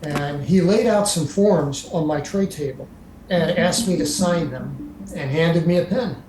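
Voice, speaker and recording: A man's voice: fairly high pitch, darkish tone, slight background noise. Older man telling his story, echoey. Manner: halting, with frequent fillers. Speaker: interviewee recounting his experience. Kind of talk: first-person storytelling. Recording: echoey room with faint music.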